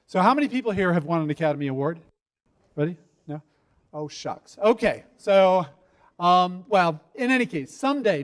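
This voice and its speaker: A middle-aged man with a notably high voice coaches founders in a live workshop. He talks in a lively way, quizzes the room and acts out quotes in his stories. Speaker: investor giving pitch advice. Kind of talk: workshop talk to a live audience.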